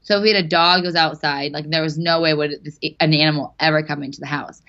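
A woman's voice: deep voice, fairly even intonation, fast, fairly bright tone. A young adult woman chatting casually as a podcast guest, laughing often and swearing freely. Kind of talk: casual chat. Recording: dull lo-fi sound.

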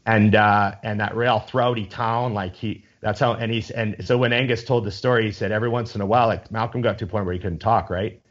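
A man's voice: fairly low pitch, fairly even intonation, a little fast, hardly any pauses, dull audio. A man in casual chat, rambling with enthusiasm and swearing freely as he talks.

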